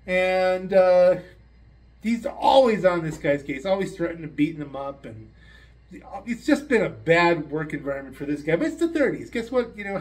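A man in his fifties casually telling a long joke in a hotel room, animated and rambling. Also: fairly high pitch. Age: 50s. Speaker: storyteller.

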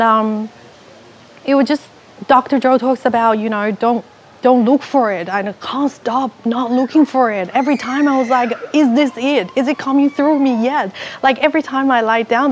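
Animated woman telling her story. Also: fairly high pitch, slight background noise. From China. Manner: animated storytelling, acting out her own past thoughts. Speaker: retreat participant. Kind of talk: personal testimony.

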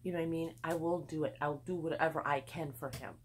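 Chatty rambling woman vlogger, slightly low voice. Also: fairly even intonation, fast talker. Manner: rambling, chatty, swears freely. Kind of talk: casual haul vlog chat. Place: home, indoors.

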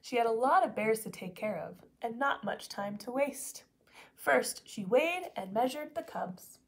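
A woman teacher reading a children's picture book aloud in an expressive way. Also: a little high, unhurried, creaky. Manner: expressive, animated.

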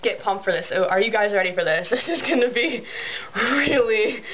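A woman's voice: mid-range voice, expressive, fast talker, fairly bright tone, low-quality recording. Teen girl vlogger, bubbly and giggly, casual webcam chat with faint background hiss. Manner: bubbly, giggly, many ums and likes. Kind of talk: excited casual vlog chat.

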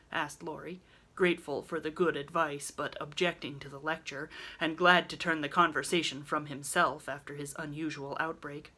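Pastor lady reading a chapter aloud, measured, bright voice. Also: low-pitched, fairly even intonation. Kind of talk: storybook narration.

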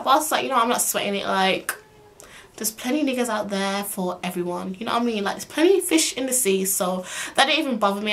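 Chatty young woman telling a story. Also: a little high. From Birmingham, England. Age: young adult. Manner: chatty, animated, swears freely. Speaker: vlogger. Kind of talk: casual storytime.

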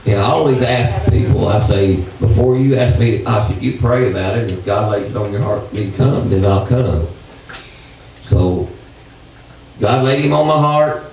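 A man's voice: on the low side, a little mellow, a little hiss or hum. A man preaching in a folksy country manner as a pastor addressing his church. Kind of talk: sermon announcement. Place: church sanctuary. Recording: echoey church from far off.

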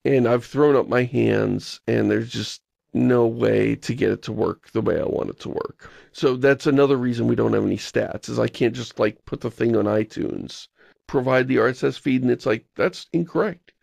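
Gravelly-voiced man in wry casual chat. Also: medium pitch, steady tone, moderate pace, darkish tone, dry recording. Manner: rambling, wry, exasperated. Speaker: podcast co-host.

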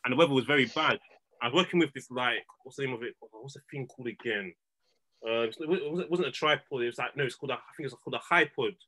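A man's voice: medium pitch, fast talker. A man, telling a story as a podcast guest in casual, slangy chat, often restarting his words. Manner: slangy, repeats and restarts words, animated retelling.

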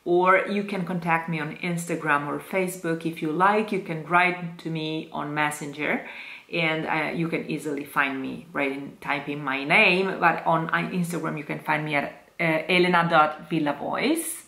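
A woman with an Italian accent teaching Italian diction to singers, modelling each word slowly and repeating it with care. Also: sits low, fairly even intonation, vocal fry, pushed and bright, reverberant. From Italy. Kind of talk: slow, careful diction lesson.

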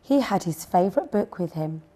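A woman reading a picture book aloud to young children, gently asking them questions along the way. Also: on the low side, expressive, normal speed. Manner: gentle, asks listeners questions. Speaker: storyteller.

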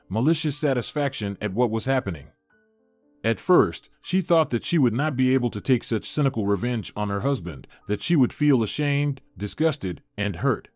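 A man narrating a dramatic story in an expressive reading. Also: mid-range voice, no room sound.

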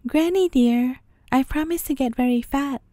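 A woman's voice: high voice, moderate pace, mellow, dry recording, clean studio sound, close to an everyday voice. A woman voicing a frisky, sly little male lamb in a storybook tale, speaking in a cheeky sing-song way.

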